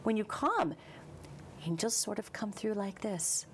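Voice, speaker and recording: Animated woman guest speaking emphatically. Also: medium pitch, a little hiss or hum. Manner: animated, emphatic, slows for calm passages. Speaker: psychic medium guest. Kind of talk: interview conversation.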